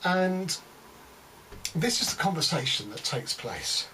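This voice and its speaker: A man's voice: a little high, sing-song, slow pace, sharp tone, distant mic, rough recording. Guy rambling thru a book review, lots of um and you know, a bit off-mic with faint hiss. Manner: rambling, many fillers and restarts, blunt opinions. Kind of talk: casual spoken book review.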